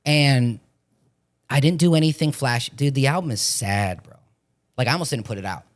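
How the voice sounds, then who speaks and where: A man in his forties from Florida, an actor talking as a podcast guest in a casual, animated way, swearing often as he tells stories. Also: mid-range voice, moderate pace. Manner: profane, animated storytelling with frequent swearing. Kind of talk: casual chat.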